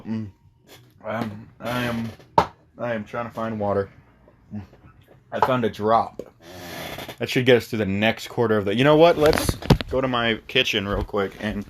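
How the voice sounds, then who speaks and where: A man's voice: mid-range voice, background noise. A young man recapping a movie in a rambling, profane, stumbling comic style. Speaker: video host recapping a movie.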